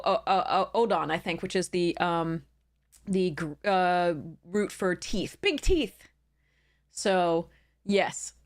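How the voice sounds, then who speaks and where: A young adult woman chatting casually on a live stream. She rambles and restarts her sentences, filling the gaps with ums. Her voice sits at a middle pitch.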